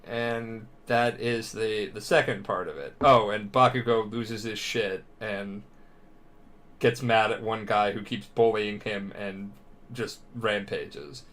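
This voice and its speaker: A drunk young man rambling through a profane, animated retelling as a podcast co-host. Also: fairly low pitch, slow pace.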